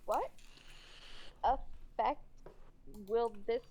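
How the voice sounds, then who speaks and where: Very slow, hesitant woman player. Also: fairly high pitch, mellow, muffled recording. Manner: hesitant, filler-heavy. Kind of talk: casual tabletop play.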